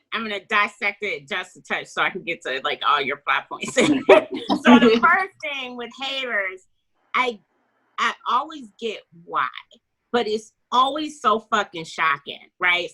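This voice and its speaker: A woman co-hosting a casual book club chat, talking in a lively way, swearing and acting out characters. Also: mid-range voice, unhurried, low-quality recording.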